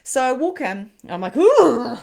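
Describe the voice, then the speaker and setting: A woman hosts a live spiritual session and talks through her own stories with the audience. Her pitch swoops widely and she throws in laughs and the odd curse word. In sadder stretches she drops to a quieter, subdued tone. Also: moderate pace, background noise. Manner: animated, laughs often, swears for emphasis, acts out scenes; turns quiet and subdued when speaking of loss. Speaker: spiritual coach hosting a live online session. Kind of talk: casual storytelling to a live audience.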